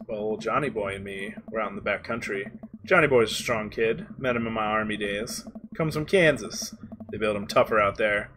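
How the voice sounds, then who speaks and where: Man doing a gruff brooding ex-army dad. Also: on the low side, moderate pace, background noise, lightly acted. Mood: grim. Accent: put-on Southern drawl.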